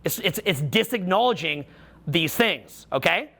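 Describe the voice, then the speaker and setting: A man's voice: sits high, lively intonation, a little slow, vocal fry, pushed and bright, breathy edge. A man coaching a live seminar audience, playful and teasing as he banters with volunteers on stage. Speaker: social skills coach.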